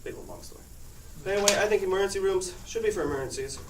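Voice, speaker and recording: A teenage boy tells his class a rambling personal anecdote, laughing often as he talks in a high, animated voice at a racing pace. The recording is noisy, with an echoey room and a far-off mic.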